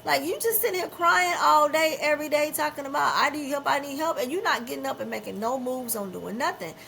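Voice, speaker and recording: A woman's voice: high voice, animated, a little fast, gravelly, fairly bright tone, slight background noise, rough recording. A middle-aged woman hosting a podcast, talking in a candid, emphatic and unfiltered way, often repeating herself for weight. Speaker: podcast host.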